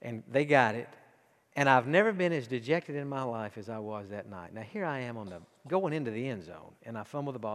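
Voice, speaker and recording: A man in his forties with an East Texas accent, preaching a sermon in a folksy storytelling way that drops to a near hush and swells into fervent exhortation. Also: medium pitch, big-room sound. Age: 40s. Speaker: pastor.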